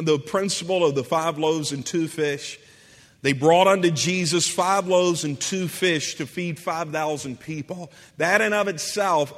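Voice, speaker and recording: A man's voice: high voice, sharp tone. A man preaching a sermon as pastor, calling out to his congregation as he builds with passion. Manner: impassioned preaching with call-outs to the congregation. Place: church sanctuary. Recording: long hall reverb.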